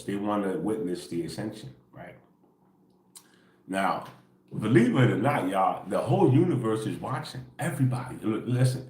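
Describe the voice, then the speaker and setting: Early in the morning, a spiritual livestream host speaks in a very deep voice, relaxed and meandering. His quiet, casual talk is sprinkled with "bro" and "right?" almost every sentence, and his voice bounces around an echoey room.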